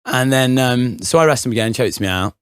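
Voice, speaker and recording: A man's voice: mid-range voice, expressive, a little fast, a bit bright, clear, resonant tone, no room sound. A young man on a podcast, telling a rambling anecdote full of fillers and laughs. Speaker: podcast co-host. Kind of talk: casual chat, storytelling.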